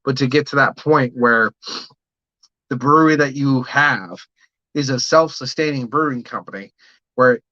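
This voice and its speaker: A man rambles through a casual livestream, swearing freely and answering viewers as he talks about brewing. His voice is bright and forceful. The sound is dry and a little dull, like lo-fi home stream audio. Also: mid-range voice, normal speed, pauses often, dry recording. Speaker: livestream host, home brewer. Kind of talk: casual livestream chat reading comments.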